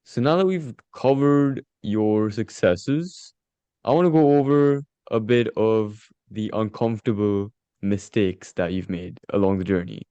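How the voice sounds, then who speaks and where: Deep, mellow male interviewer. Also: clean tone, dry recording, highs cut off. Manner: measured, polite questioning. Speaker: interview host, performance coach. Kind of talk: podcast interview questions.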